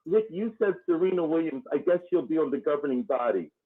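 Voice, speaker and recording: A man calling into a show, speaking haltingly and explaining himself carefully. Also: fairly high pitch, animated. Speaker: caller. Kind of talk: call-in phone talk. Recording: tinny phone line.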